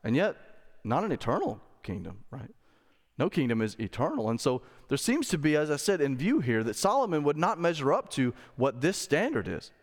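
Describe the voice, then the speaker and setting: The sermon comes from a pastor whose slightly high voice swoops widely as he talks at an ordinary speed. He keeps it conversational, asking rhetorical questions of the congregation, while the sanctuary's hall adds long reverb.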